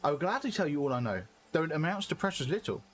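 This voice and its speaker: A man's voice: a little high, sing-song, quick pace, a bit bright, a little hiss or hum. A man voicing an earnest young male scholar, speaking in formal, archaic phrasing.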